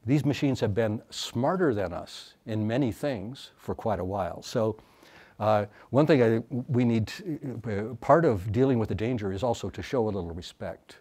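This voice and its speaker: A male professor gives an academic lecture, speaking thoughtfully but haltingly, with many fillers and restarts. His voice is fairly low in pitch, expressive, and darkish in tone.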